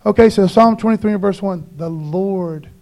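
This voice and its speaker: A man preaching a sermon in church, casual and animated, often calling listeners "man.". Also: high voice, moderate pace, vocal fry.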